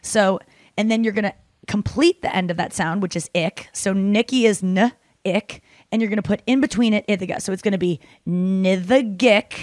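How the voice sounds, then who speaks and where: A woman's voice: medium pitch, fairly quick, a little mellow, no room sound. Rambling woman hosting a chat podcast. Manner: rambling, full of "like" and "um", swears casually. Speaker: podcast host. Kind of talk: casual chat. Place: hotel room.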